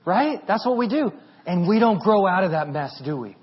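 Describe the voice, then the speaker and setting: A man in his thirties preaching a sermon as a pastor, telling stories in an animated, humorous way. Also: high voice, moderate pace, husky, lo-fi sound.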